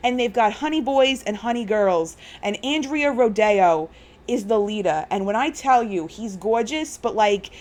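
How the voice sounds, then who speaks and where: A woman's voice: on the high side, expressive, unhurried, darkish tone. A woman co-hosting a podcast, retelling in a gushing, rambling way with lots of fillers. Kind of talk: casual chat.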